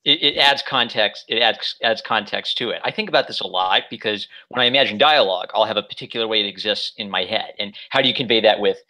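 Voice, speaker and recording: Brief: male interview host on a call, lowish voice with a bright, forward edge. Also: fast talker, hardly any pauses, rough recording. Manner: thoughtful, rambling with restarts. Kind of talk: casual interview chat.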